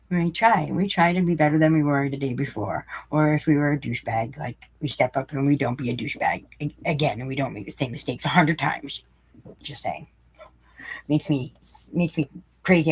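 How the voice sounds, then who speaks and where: Gravelly low-voiced woman reading with sarcastic asides. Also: a little mellow. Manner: sarcastic, blunt, rambling asides; slows and repeats lines for emphasis. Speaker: vlogger reading a daily recovery meditation. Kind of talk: reading aloud with blunt off-the-cuff commentary.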